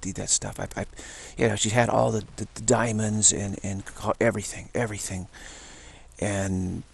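Man, deep gravelly voice, husky, rambling casual spiritual talk, repeats phrases. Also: little pitch movement, normal speed. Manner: rambling, repeats himself, chuckles. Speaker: spiritual teacher. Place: at home, self-taped.

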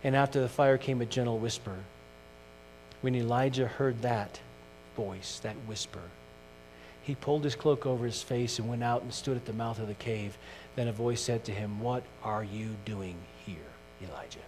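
Middle-aged man, pastor, sermon, earnest, mid-pitched voice, faint mains hum. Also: fairly even intonation, normal speed. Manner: earnest, shifting from loud emphasis to hushed questions. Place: church sanctuary. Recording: distant mic in a reverberant church with mains hum.

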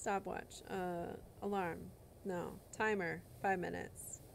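A woman's voice: fairly low pitch, steady tone, slow, vocal fry, a little hiss or hum. A woman streaming live gameplay commentary, muttering and swearing in frustration at the game as she plays.

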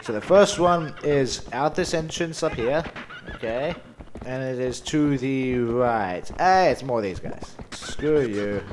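Let's play host, male, mid-pitched, mumbly, joking self-talk over his gameplay. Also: takes it slowly, a little hiss or hum. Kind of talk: casual gameplay commentary.

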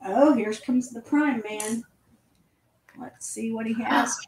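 A woman's voice: a little high, takes it slowly, a crowd in the background. A woman co-hosting a casual craft livestream, chiming in with short questions and brief replies. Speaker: livestream co-host. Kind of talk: casual chat.

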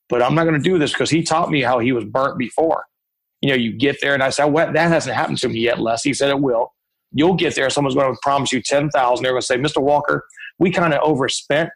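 A man, a guest author and speaker from Ohio, telling lively anecdotes in a podcast interview. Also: medium pitch, gravelly, breathy edge, rough recording. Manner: animated anecdotes with quoted voices.

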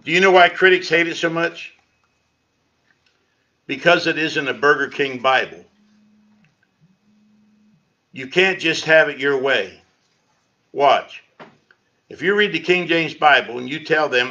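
A male pastor delivers a sermon in a conversational, needling way, dropping sarcastic asides between points. His voice is bright and forceful. The sound comes through a dull, lo-fi church livestream. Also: fairly high pitch, a little slow, long pauses. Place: church sanctuary. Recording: lo-fi livestream audio.

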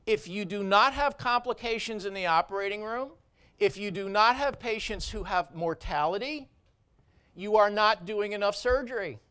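A man's voice: high-pitched, normal speed, sharp tone, clean tone. A man who is a surgeon giving a conference keynote speech, blunt and emphatic, driving points home with short repeated phrases.

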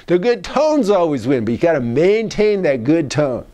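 A man's voice: fairly high pitch, big pitch swings, normal speed, mellow. A man speaking as a psychologist in a casual advice monologue. He repeats key phrases and acts out tones of voice as he goes.

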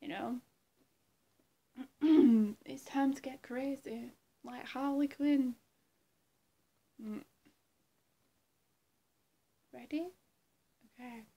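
A woman's voice: high-pitched, steady tone, slow, creaky, pauses often, highs cut off. A woman chatting casually in a vlog, rambling and self-deprecating, often repeating herself. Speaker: impressionist vlogger.

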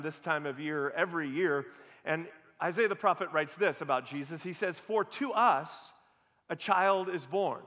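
Man preaching in a big auditorium: bright, forceful tone, earnest, pressing rhetorical questions. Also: fairly high pitch, in a large hall. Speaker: pastor. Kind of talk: sermon.

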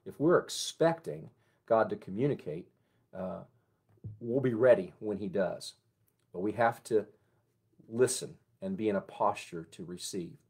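A man who is a pastor, giving a conversational morning devotion and prayer in a gentle, unhurried way. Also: lowish voice, vocal fry, slightly rough.

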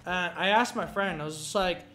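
A man's voice: sits high, brisk, sharp tone. A young man hosting a gameplay video, rambling through casual, profane stories with lots of fillers. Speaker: gameplay commentary host. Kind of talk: casual storytelling chat. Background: faint game music.

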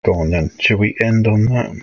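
A man's voice: on the low side, moderate pace, husky, low-quality recording. A young man hosting a casual late-night livestream, rambling and hesitant as he reads out chat messages. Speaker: livestream host.

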